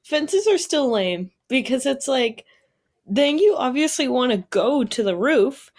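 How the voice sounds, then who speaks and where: Young woman, high voice, swoops up and down a lot, playful ranty podcast chat, laughs a ton. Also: expressive, a little slow, darkish tone. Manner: laughs often, playful ranting. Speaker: podcast co-host. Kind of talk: casual chat.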